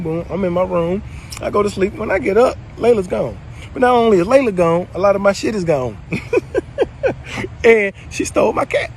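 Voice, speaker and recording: A man casually telling viewers a story, animated and swearing freely, swinging between loud and low. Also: a little hiss or hum. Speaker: spiritual video creator.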